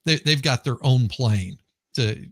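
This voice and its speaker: A man's voice: medium pitch, animated, unhurried, a bit bright, no room sound. A man chatting casually on a live stream, rambling and restarting as he searches for names. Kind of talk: casual chat.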